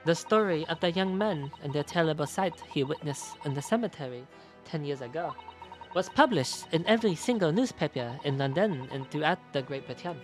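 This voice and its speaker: A man's voice: a little high, expressive, a little fast, faint music behind, close to an everyday voice. A man voicing a fussy older French woman who runs a wax museum, with a put-on French accent and a hesitant, flustered way of talking. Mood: fretful.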